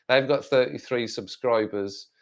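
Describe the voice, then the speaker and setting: A man's voice: mid-range voice, a little slow. A man from the West Midlands with a Black Country accent, chatting casually on a live stream and rambling as he answers viewer comments. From West Midlands, England. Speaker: livestreamer.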